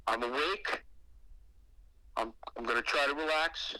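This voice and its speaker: A man's voice: medium pitch, measured pace, pushed and bright, dry recording, low-quality recording. A man calling into a podcast to tell a frightening personal ghost story, profane and emphatic. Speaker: guest caller telling a ghost story.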